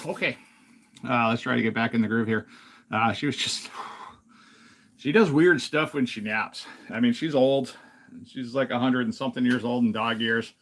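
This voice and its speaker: A man chatting casually on a live stream while fixing a snack in his home kitchen, thinking out loud as he works. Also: medium pitch, a little fast.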